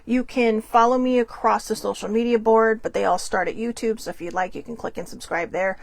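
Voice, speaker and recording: A woman's voice: on the high side, fairly even intonation, fairly quick, creaky, no room sound. A woman hosting her own livestream, telling a story in a rambling, chatty way and laughing often. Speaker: host.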